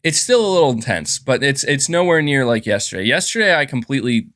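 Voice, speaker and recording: Male streamer, casual rambling host, mid pitch, slight sore throat, dry recording. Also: sing-song, fast talker, fairly bright tone, dry recording. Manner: rambling, chatty, thanks viewers for gifts. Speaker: gaming channel host. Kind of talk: casual livestream chat.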